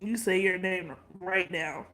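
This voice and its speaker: A woman's voice: fairly low pitch, fairly even intonation, measured pace, roomy sound, very noisy. A woman chatting casually and bluntly with her livestream viewers, swearing freely and laughing often. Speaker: livestream vlogger.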